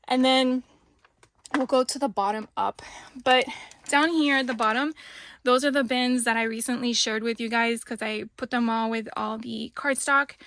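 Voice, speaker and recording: A woman's voice: on the high side, dry recording. A woman in her forties, chatty and laughing often as she gives a casual tour of her home craft room. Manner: chatty, laughs often, self-deprecating asides. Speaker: craft business owner giving a room tour.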